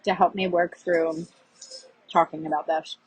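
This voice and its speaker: Very husky low-voiced woman, confessional. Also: little pitch movement, a little slow, low-quality recording. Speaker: podcast host. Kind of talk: confessional monologue.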